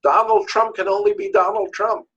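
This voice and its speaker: A man with a New York accent, a divorce lawyer being interviewed, telling stories in a lively way and acting out voices, often repeating words as he searches. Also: sits high, moderate pace, lo-fi sound. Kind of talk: animated storytelling interview.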